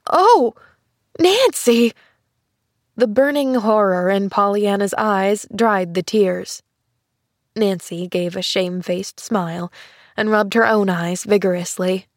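A woman narrating a classic children's story in a measured, gentle storytelling voice. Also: mid-range voice, fairly even intonation, no echo, studio quality. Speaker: audiobook narrator.

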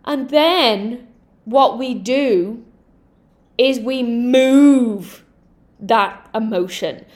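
A young adult woman delivers a casual podcast monologue as a healing coach. Her voice sits a little high, and she takes her time. She is candid and energetic, and she swears freely. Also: drawn-out words, pauses often.

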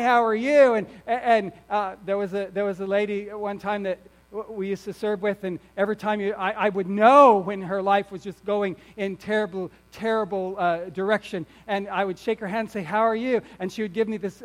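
A man preaching a sermon as pastor. He swings from emphatic, near-shouted lines to quiet asides and often repeats or restarts his words. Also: high-pitched.

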